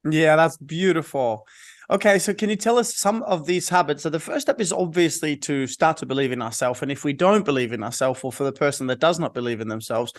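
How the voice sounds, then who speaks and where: A man's voice: a little high, brisk. A man hosting an interview. He asks questions in a rambling way and restates his guest's ideas back to him. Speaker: interview host.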